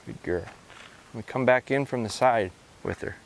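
A man explaining his dog training step by step, giving short sit and come commands between calm remarks, recorded outdoors in the countryside. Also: mid-range voice, moderate pace, vocal fry, slight background noise. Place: outdoors in a rural field.

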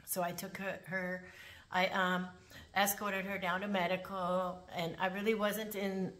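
Bright-voiced woman telling a story. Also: mid-range voice, a little slow. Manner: chatty, animated, with fillers like "like" and "um". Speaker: corrections officer. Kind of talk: casual spoken storytelling.

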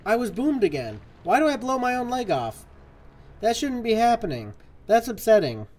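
A man's voice: very high-pitched, very animated, normal speed, darkish tone. A man giving live commentary on a game he is playing, jokey and exasperated as he talks to the game. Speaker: streamer.

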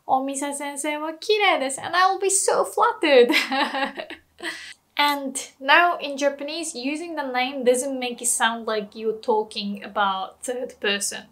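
A woman's voice: high-pitched, a little slow, fairly bright tone. A young woman teaching a language lesson in a casual, playful way, laughing often and acting out example phrases.

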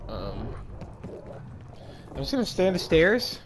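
A man's voice: a little high, wildly swooping pitch, measured pace, very noisy. A young man playing a scary zombie game, chatting nervously and breaking into shrieks and screams when startled. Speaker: gaming streamer. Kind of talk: frightened gameplay commentary. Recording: loud game sounds behind.

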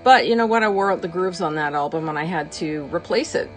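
A low-voiced woman tells a memory for an interview with wry cheer. Guitar music is clearly heard behind her. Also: fast, poor audio. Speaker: fan interviewee.

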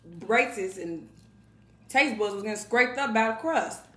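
A woman's voice: mid-range voice, lively intonation, measured pace. A woman hosting a mukbang video, chatting casually while eating, bossy and teasing, scolding bluntly with some cursing. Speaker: mukbang channel host. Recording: roomy echo, noticeable background noise.

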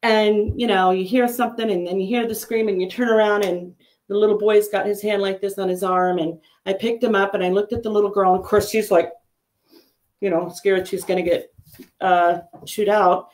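A middle-aged woman talks in a relaxed, casual way, as a psychic medium sharing her work. She tells her stories with plenty of life, and her pitch jumps up whenever she quotes someone. Her voice sits at a middle pitch for a woman. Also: normal speed. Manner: chatty storyteller, animated with pitch jumps on quoted lines. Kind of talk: casual chat.

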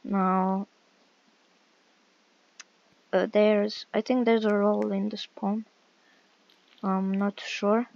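A woman's voice: medium pitch, level tone, very slow, vocal fry, long pauses, darkish tone, highs cut off, a little hiss or hum. A woman giving casual, hesitant gameplay commentary with many fillers while walking through a game. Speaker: game walkthrough creator.

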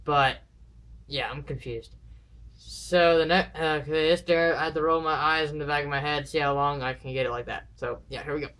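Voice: mid-range voice, fairly even intonation, fairly quick, a bit bright. A vlogger chatting casually to camera at home, rambling and counting down nervously before each dare. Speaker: vlogger doing viewer dares. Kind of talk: casual vlog chat to camera. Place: indoors at home.

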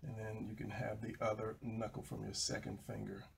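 A man narrating a drawing tutorial while he sketches, low-key and sleepy from an early start. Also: completely flat delivery, fairly quick, creaky, slight background noise. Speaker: drawing instructor.

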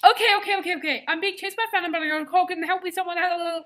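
A young woman playing an excitable female musketeer in an improvised online game role-play, shrieking one moment and whispering the next. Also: very high voice, very fast. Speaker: player voicing a musketeer in an online animal game.

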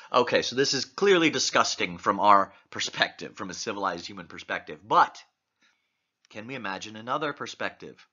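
A man's voice: lowish voice, pushed and bright. A man lecturing on literature, reading passages aloud and posing many questions to his listeners. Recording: muffled lo-fi recording.

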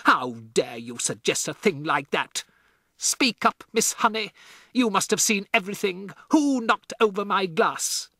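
A man's voice: fairly high pitch, moderate pace, few pauses, bright, forceful tone, no room sound, studio quality, pitched above the performer's own voice. A man voicing a huge, tyrannical female headmistress who roars and barks insults in an audiobook. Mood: indignant. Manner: roaring, barking insults. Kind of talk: audiobook character voice.

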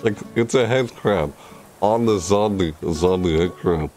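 A man streaming a game, chatting casually and rambling with jokes, sometimes breaking into loud high squeals. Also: a little slow, soft background music. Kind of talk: casual gameplay commentary.

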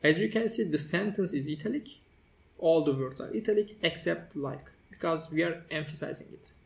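A man with a somewhat high, gravelly voice walks through a coding tutorial step by step. He talks as he types, pausing on fillers and correcting himself. Keyboard clicks sit behind his voice. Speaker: tutorial host. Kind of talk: screen-recorded coding tutorial.

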